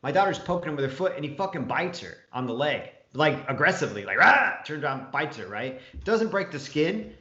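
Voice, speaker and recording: A man's voice: a little high, fairly quick, few pauses. Profane rambling man telling stories. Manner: profane, rambling, animated storyteller. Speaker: podcast co-host. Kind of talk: casual storytelling chat. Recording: roomy, dull lo-fi sound.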